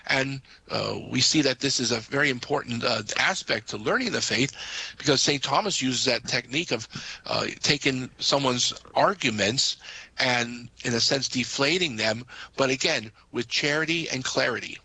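A man's voice: medium pitch, moderate pace, gravelly, bright, forceful tone, slight background noise, rough recording. A man, a Catholic priest, patiently explaining doctrine to listeners on a call-in radio show, with frequent "uh" fillers.

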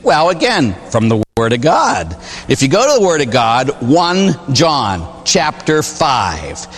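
A man's voice: mid-range voice, slow, soft background music. A man who is a Catholic priest, preaching a sermon in a church with jokes and rhetorical questions. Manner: animated, joking, full of rhetorical questions. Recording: long reverb of a large hall.

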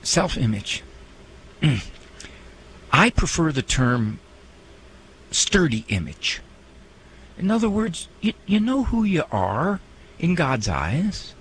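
A man hosting a radio talk show, speaking in a lively, folksy way with joking asides. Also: a little high, takes it slowly, pauses often, slight background noise, low-quality recording. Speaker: radio host and psychologist.

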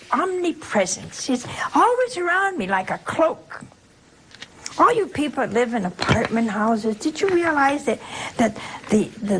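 Speaking on the high side, an older woman who heads a community of nuns delivers a conversational religious talk. Her manner is chatty, and she often checks in with rhetorical questions. It's a low-quality recording with a bit of hiss or hum.

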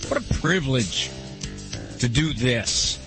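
A man's voice: mid-range voice, lively intonation, slow pace, over music. A man hosting a call-in talk show, who talks to callers in a playful, teasing way. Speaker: radio talk show host.

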